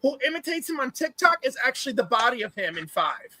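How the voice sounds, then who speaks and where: Very high, bright-voiced man telling stories. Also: fast. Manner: animated, gushing storyteller. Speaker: host. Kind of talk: casual panel chat.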